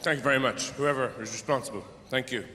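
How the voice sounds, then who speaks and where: A man's voice: medium pitch, quick pace, pushed and bright. A middle-aged male stand-up comedian, rambling, profane and exasperated, performing live on a theatre stage. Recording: echoey hall with crowd noise.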